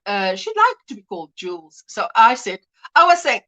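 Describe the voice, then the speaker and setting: A woman's voice: high-pitched, sing-song, normal speed, fairly bright tone, lo-fi sound. A woman hosting a casual livestream, chatting and reading viewer comments aloud with frequent laughs. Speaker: livestream host.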